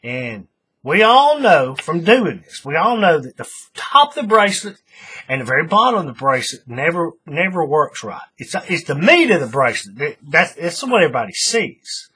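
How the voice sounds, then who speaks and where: A man's voice: on the high side, big pitch swings, normal speed, pushed and bright, husky. A man hosting a casual craft tutorial, thinking aloud as he works and often restarting his sentences. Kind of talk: casual how-to demonstration.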